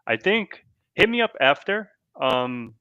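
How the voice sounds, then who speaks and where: A man's voice: on the high side, sing-song, takes it slowly, pushed and bright, smooth, no room sound, muffled recording. A man hosting a podcast, talking casually in a loose, rambling way full of fillers. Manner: rambling, filler-heavy talk. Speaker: podcast host.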